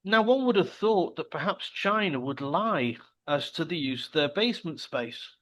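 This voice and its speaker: A man co-hosting a casual discussion, explaining things in a measured way with dry wit. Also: a little high, animated, fairly bright tone. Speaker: podcast co-host.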